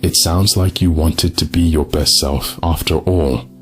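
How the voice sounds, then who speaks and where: A man playing a calm counseling doctor. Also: low voice, measured pace, faint music behind. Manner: gentle, probing questions.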